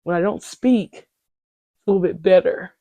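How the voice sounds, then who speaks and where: A woman's voice: fairly low pitch, a little slow, no echo. A woman in her twenties hosting a podcast, telling a story in a casual, slangy, profane way as she vents. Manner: animated, profane, slangy venting. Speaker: podcast host.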